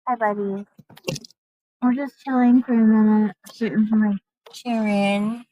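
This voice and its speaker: A woman's voice: fairly high pitch, level tone, measured pace, dark tone, dry recording, poor audio. A young woman chatting casually on a live stream at home, rambling with lots of fillers.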